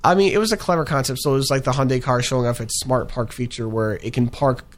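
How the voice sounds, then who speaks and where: A man's voice: mid-range voice, fast. Rambling young man in casual chat. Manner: chatty, rambling, many fillers. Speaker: co-host reviewing ads.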